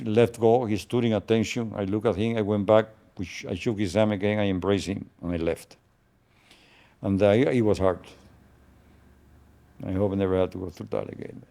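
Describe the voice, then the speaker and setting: Recounting an earlier event in an interview, an older native Spanish speaker speaks slowly and gravely, pausing often and repeating words. The voice is fairly low and warm.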